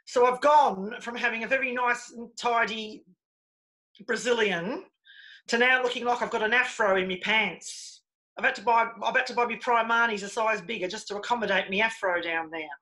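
A woman performs a brash, bawdy stand-up set over a video call. Her voice sits a little high and rings bright and sharp. She talks in a chatty, cheeky way. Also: normal speed, low-quality recording. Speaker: stand-up comedian.

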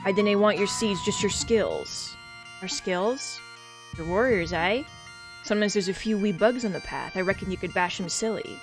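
A woman's voice: mid-range voice, moderate pace, over music, lightly acted. Brief: woman as a folksy squirrel bard with a put-on Scottish accent, sly and friendly. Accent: attempted Scottish.

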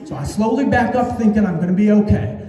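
A young man telling self-mocking stand-up stories in an animated way. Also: high-pitched, fast. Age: young adult. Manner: animated, self-mocking, acts out quoted voices. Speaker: stand-up comedian. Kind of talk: stand-up storytelling. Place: stage in a hall. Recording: echoey hall, voice from far off.

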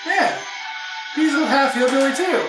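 A woman hosting a casual movie riff track, animated and prone to loud outbursts while she reads the credits aloud. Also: sits high, a little slow. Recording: echoey room with faint music.

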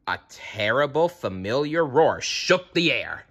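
Male storybook narrator, unhurried, dramatic and lively reading. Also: on the low side. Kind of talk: storybook read-aloud.

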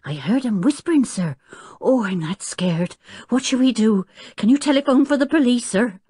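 Woman doing a breathless, jittery plump housekeeper, wide-ranging husky voice. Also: medium pitch, lively intonation, unhurried, a little mellow, no room sound. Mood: breathless pleading. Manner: panicky, breathless, chattering. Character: frightened plump female housekeeper. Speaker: servant of the professor.

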